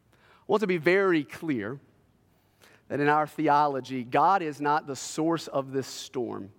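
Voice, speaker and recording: Man, pastor, earnest sermon delivery, raised pitch for scripture, echoing hall. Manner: earnest, slows and lifts his voice when quoting scripture.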